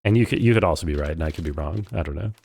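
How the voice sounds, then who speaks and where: A man's voice: rumbling low, racing, gravelly, darkish tone. A man casually commenting while he plays a story game, chatty and wry and thinking aloud. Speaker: game streamer.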